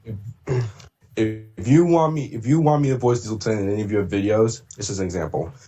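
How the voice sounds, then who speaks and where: A man chatting casually on a livestream about doing voice impressions, rambling with many fillers and throat clears. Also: on the low side, a little fast, warm tone, soft background music. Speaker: streamer and voice impressionist.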